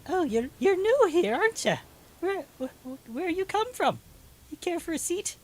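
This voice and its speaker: A man voicing a skinny, blunt female halfling shopkeeper in a tabletop game, speaking high and prying. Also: sing-song, normal speed. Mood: welcoming.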